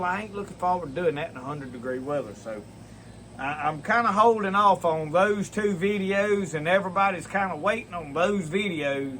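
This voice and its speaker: A man's voice: on the high side, fairly bright tone, a little hiss or hum. A man hosting a casual outdoors vlog, rambling in a folksy way and talking straight to his viewers. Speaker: outdoors channel host. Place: outdoors in a dry yard.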